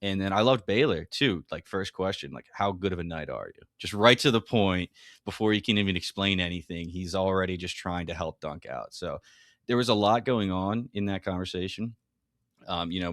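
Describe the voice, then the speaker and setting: A man's voice: fairly bright tone, no room sound, studio quality. A man co-hosting a podcast, chatting enthusiastically about a TV episode and acting out quotes. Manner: enthusiastic, acts out quotes with rising pitch. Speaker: podcast co-host. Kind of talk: casual TV recap chat.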